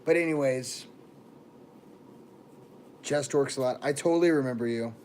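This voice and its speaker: A man's voice: medium pitch, normal speed, darkish tone, slight background noise. A young man from Texas and Florida, chatting casually on a livestream and greeting viewers by name. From born in Texas, raised in Florida.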